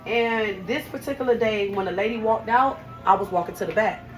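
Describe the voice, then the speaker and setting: A woman's voice: medium pitch, a little fast, faint music behind, poor audio. A young woman who works as a hairstylist speaks in a raw, heartfelt way, her voice straining with grief. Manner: raw, heartfelt, breaking with emotion. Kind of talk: personal storytelling to camera.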